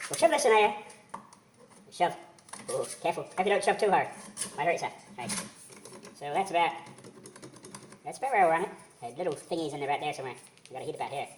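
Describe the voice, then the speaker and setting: A man's voice: a little high, a bit bright, a little hiss or hum. A man joking to himself while giving casual commentary on restoring a car in his home garage.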